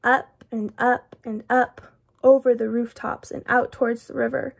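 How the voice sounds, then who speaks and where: A woman voicing an anxious, fretful male walrus in a children's storybook, talking slowly and rambling through all his worries. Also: a little high, little pitch movement, creaky, slight background noise. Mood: worried. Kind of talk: children's storybook read-aloud.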